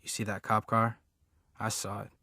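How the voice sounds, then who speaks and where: A man's voice: on the low side, little pitch movement, creaky, sharp tone, dry recording, studio quality, exaggerated voice. A man reading as a jittery bearded sidekick. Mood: nervous. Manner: jittery, hurried.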